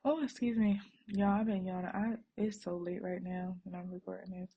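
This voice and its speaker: Chatty woman with a gravelly voice. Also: mid-range voice, fairly even intonation, normal speed, lo-fi sound. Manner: chatty, rambling, addressing viewers as y'all. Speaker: vlogger and mother. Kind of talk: casual chat to viewers. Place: home, working on a bed.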